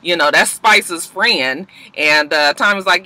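A woman's voice: fairly low pitch, slow pace, bright, forceful tone, no room sound, low-quality recording. A woman giving a sassy, gossipy, profane casual recap of a reality show episode.

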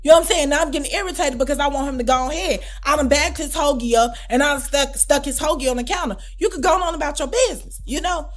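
High-voiced woman telling a story animatedly. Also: fast talker, few pauses. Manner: animated, profane, keeps asking "you know what I'm saying?". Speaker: storytime vlogger. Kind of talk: casual storytelling.

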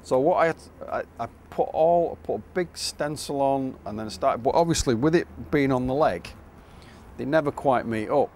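A tattoo artist, a man, calmly recalling a job in an interview. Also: medium pitch, normal speed, a little hiss or hum. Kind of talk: interview anecdote.

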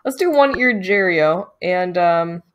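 Playful lower-voiced woman streamer. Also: lively intonation, takes it slowly, lo-fi sound, a little hiss or hum. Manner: playful, reads choices aloud with little jokes. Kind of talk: casual game commentary.

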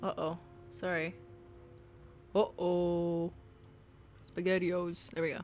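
A woman's voice: lowish voice, level tone, takes it slowly, a little mellow, soft background music. A woman streaming a game, chatting casually, laughing often and reading the game text aloud. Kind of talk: casual gameplay commentary.

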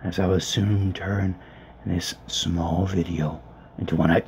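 Whispering man grumbling low and flat. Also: a little slow. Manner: hushed, grumbling, profane. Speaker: let's player. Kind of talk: whispered gameplay commentary. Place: small closet. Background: faint background noise.

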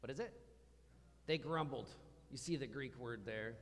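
A man's voice: mid-range voice, normal speed, in a large hall. A man preaching a conversational sermon in a church, asking the congregation questions as he goes. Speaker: pastor. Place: church hall.

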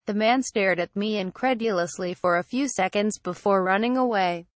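A woman reads a first-person horror story aloud in a calm, measured voice. Her pitch sits in an ordinary middle range. The recording is dry and close, with no room sound. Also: no room sound. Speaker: narrator. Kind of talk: scripted horror story narration.

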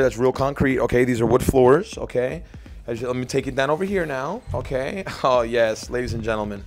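A man hosting a gameplay video, brash and profane, joking and bursting into shouts. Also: medium pitch. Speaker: gaming video host. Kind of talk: casual gameplay commentary.

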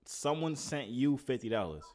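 A man's voice: mid-range voice, very animated, moderate pace, darkish tone. A man hosting a casual video chat, teasing and trash-talking strangers. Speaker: video host.

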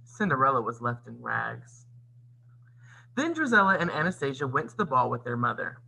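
A man reads a children's storybook aloud in an expressive, teacherly way, his voice rising and falling a lot. The tone is bright with a gravelly grain. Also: medium pitch, normal speed, poor audio. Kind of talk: read-aloud storybook narration with comments.

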